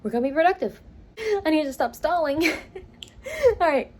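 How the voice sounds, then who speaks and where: A woman's voice: sits high, sing-song, moderate pace, a little mellow. A young woman, chatting casually in a vlog from her car and room, tired and laughing often, with lots of fillers. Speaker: vlogger. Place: in her car, then at home.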